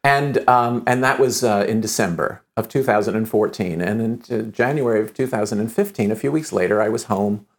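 A man telling a long anecdote in conversation, lively and acting out the dialogue, often restarting his sentences with stammers. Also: on the low side, fairly quick, hardly any pauses. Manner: lively storyteller who acts out quoted dialogue.

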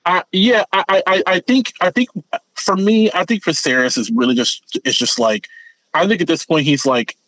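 A man co-hosting a podcast in casual chat, rambling and animated, often repeating words as he thinks. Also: sits high, normal speed, no echo. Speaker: podcast co-host. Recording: dull, lo-fi sound.

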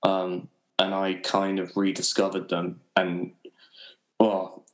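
A young man from England talks in a relaxed, rambling way, dropping the odd swear word. His voice sits very low. The room around him rings with echo. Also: slow. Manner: laid-back, swears freely, laughs often. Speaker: podcast guest. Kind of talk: casual chat.

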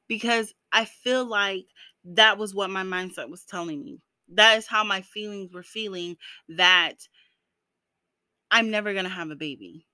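A woman's voice: mid-range voice, pushed and bright, dry recording. A woman talking to her viewers in an earnest, encouraging vlog, full of "you know" fillers. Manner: emotional, breaks into laughs while speaking. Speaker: vlogger.

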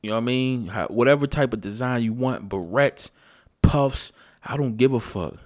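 Here a man of medium pitch and normal speed delivers an unscripted vlog rant, cursing bluntly and pounding his points repeatedly with emphasis. It's a dry recording with clean studio sound.

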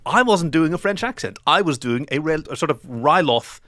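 A man's voice: fairly high pitch, lively intonation, moderate pace, bright, forceful tone, no room sound, clean studio sound. A man co-hosting a comedy podcast, chatting in a wry, theatrical way. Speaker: podcast co-host. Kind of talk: casual chat.

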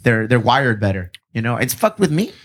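On a podcast, a man chats casually and laid-back, cursing freely and mixing in Spanish slang. His medium-pitched voice is very animated and moves at normal speed.

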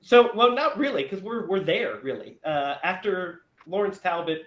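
A man chatting casually about an old movie, animated and quick to laugh as he recaps the plot. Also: sits high, roomy sound.

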